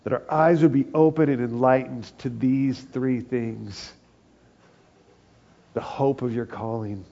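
A man's voice: mid-range voice, fairly even intonation, unhurried, vocal fry, mellow, lo-fi sound. A man preaching a sermon as pastor, earnest and building to emphatic peaks.

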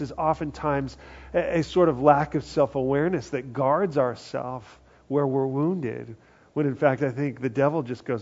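A man preaching a conversational sermon, acting out quoted voices and often dropping to a hushed tone. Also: fairly high pitch. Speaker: pastor. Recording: dull lo-fi sound.

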